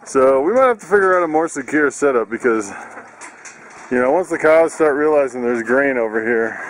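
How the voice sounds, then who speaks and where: A man's voice: mid-range voice, expressive, fairly quick. A man talking casually to his camera on his farm, chatty, laughing often, with plenty of fillers and restarts. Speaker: farm vlogger. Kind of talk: casual vlog narration. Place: outdoors on a farm.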